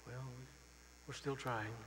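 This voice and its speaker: A man's voice: mid-range voice, fairly even intonation, takes it slowly, big-room sound, background noise. A man who is a missionary pastor preaching a farewell sermon, earnest and openly emotional, repeating phrases for emphasis. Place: church sanctuary.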